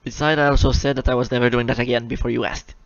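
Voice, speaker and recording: A young man chats his way through a live question-and-answer session, reading each viewer question aloud before answering it with easy self-mockery. His voice sounds smooth and clear, but the recording is slightly muffled and dry, with no room around it. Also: medium pitch, little pitch movement, very fast, no echo. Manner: chatty and self-mocking, reads questions aloud and answers them. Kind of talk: casual live Q&A chat. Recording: slightly dull lo-fi mic, dry.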